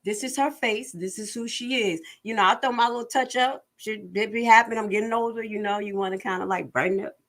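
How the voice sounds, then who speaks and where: A woman giving casual livestream commentary in an animated, joking and sassy way. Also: a little high, brisk, few pauses. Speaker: online commentator.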